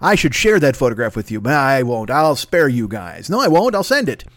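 A man of middle pitch hosts his own podcast alone in a rambling comic monologue. He swears freely and mocks himself. His voice is close and dry, with no room sound. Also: big pitch swings, fairly bright tone, dry recording. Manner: profane, self-mocking, rambling; talks fast, then slows down. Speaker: podcast host.

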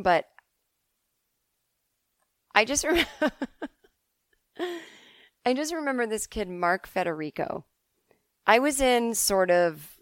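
A middle-aged woman from the Boston suburbs hosting a podcast, telling stories in a casual, animated way and swearing freely. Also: mid-range voice, dry recording, clean studio sound. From Boston suburbs, USA. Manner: chatty, animated, swears freely, acts out quotes. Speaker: podcast host answering listener emails. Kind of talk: casual comedic storytelling.

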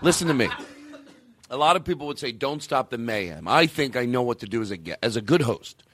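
A man's voice: mid-range voice, big pitch swings, a little fast, fairly bright tone, slight background noise. A man hosting a comedy podcast, chatting casually, laughing often and restarting his sentences. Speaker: podcast host.

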